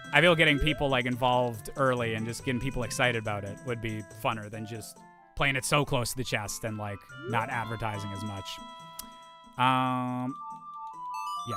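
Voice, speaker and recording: A man streaming a game and chatting casually with viewers, rambling upbeat with lots of restarts and fillers, with faint game music behind him. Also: medium pitch. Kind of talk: casual chat while gaming.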